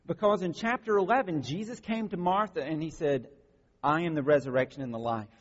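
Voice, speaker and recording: A man with a slightly high, husky voice delivers a sermon. He keeps it conversational and often checks in with his listeners. The sound is dull and lo-fi, with a long reverb trailing off the walls. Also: a little fast. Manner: conversational preaching with frequent check-ins like "right?" and "okay?". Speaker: pastor.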